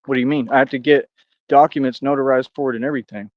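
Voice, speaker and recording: A man's voice: medium pitch, steady tone, racing, dry recording, lo-fi sound. A man in a rambling livestream rant, boastful and combative, talking straight at his critics. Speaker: streamer.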